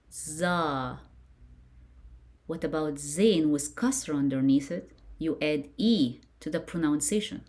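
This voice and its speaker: A woman's voice: low voice, a little mellow. A woman teaching a beginner lesson, patiently encouraging and praising each answer as she drills sounds for repetition. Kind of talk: slow beginner lesson with call-and-repeat drills.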